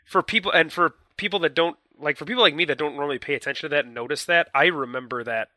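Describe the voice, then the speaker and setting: Man, podcast co-host, emphatic explaining, slightly high voice, dry close sound. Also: fast, sharp tone, no room sound. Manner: explanatory, emphatic, hesitant restarts. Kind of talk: casual chat.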